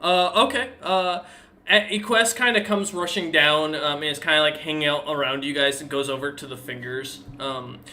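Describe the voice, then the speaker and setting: A male dungeon master narrating a tabletop game in a relaxed, chatty way, full of fillers and laughter. His voice sits a bit high and sounds bright and forceful. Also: normal speed. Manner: casual, laughing often, many fillers.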